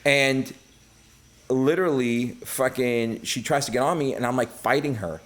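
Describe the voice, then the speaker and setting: This middle-aged man from Brooklyn speaks at a normal speed in a mid-range voice, telling casual stories on a podcast. His delivery is profane and lively, with the quotes acted out.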